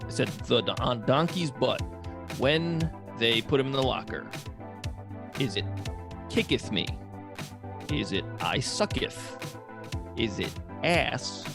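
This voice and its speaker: A man's voice: medium pitch, lively intonation, measured pace, gravelly, music in the background. A man co-hosting a podcast, chatting in a laid-back, rambling way with jokes. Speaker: podcast co-host. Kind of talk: casual chat.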